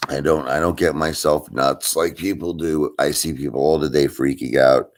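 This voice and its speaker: A man's voice: rumbling low, steady tone, normal speed. A man hosting a casual live stream, rambling and answering chat while he has the hiccups.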